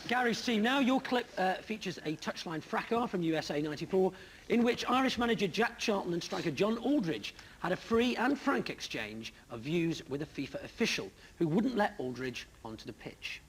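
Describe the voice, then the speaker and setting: A man hosting a comedy sports quiz, reading brisk, wry links to the teams. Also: high voice, animated, a little hiss or hum, poor audio. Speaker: quiz show host.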